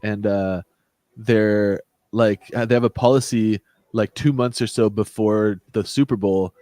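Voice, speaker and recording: A man's voice: fairly low pitch, steady tone, measured pace, dark tone, no room sound, studio quality. A young man co-hosting a casual podcast, telling a swearing, laughing retail work story. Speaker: podcast co-host. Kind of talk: casual chat.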